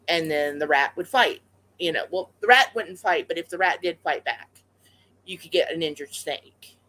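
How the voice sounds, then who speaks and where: Speaking at a mid-range pitch with a fairly bright tone, a pet vlogger rambles through a story straight to the camera. She fills it with "um" and "you know," restarting sentences as her thoughts catch up, in a chatty, unscripted way. The audio quality is poor.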